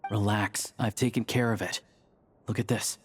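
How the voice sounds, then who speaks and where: An actor playing a calm, friendly young man who works at a theater, in a game. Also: fairly low pitch, normal speed, a little hiss or hum, natural voice. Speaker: game character.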